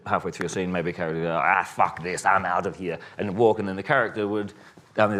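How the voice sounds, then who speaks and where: Very deep-voiced man, rambling and relaxed. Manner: relaxed, rambling with frequent restarts. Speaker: filmmaker guest. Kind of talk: casual interview answers.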